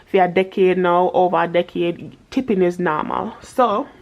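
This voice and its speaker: A woman's voice: fairly low pitch, moderate pace, dull audio. A woman with a Jamaican accent chatting casually to camera as a budgeting vlogger, slipping patois into her talk.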